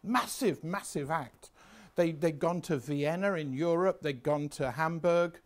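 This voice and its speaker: A man's voice: a little high, measured pace. A man in his sixties giving a revision lecture, chatty, anecdotal and self-mocking. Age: 60s.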